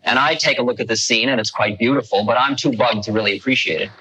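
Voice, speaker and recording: A man's voice: medium pitch, fast talker, bright, forceful tone, a little hiss or hum, low-quality recording. A man telling a personal story in a conversational, self-mocking way, with restarts and asides. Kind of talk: storytelling talk.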